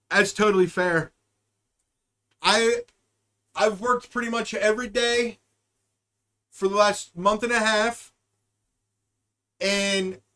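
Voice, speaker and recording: A young man with a strikingly high-pitched voice, hosting a live stream and talking straight to his chat. He rambles and jokes, swears freely and hops from one word association to the next. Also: sharp tone. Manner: rambling, joking, profane, riffing on word associations. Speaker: podcast host and streamer.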